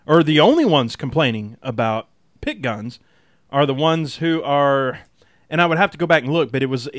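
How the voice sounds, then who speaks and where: A man's voice: mid-range voice, fairly bright tone, no room sound, clean studio sound. A man hosting a casual podcast, talking in loose, rambling stretches with frequent restarts. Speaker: podcast host.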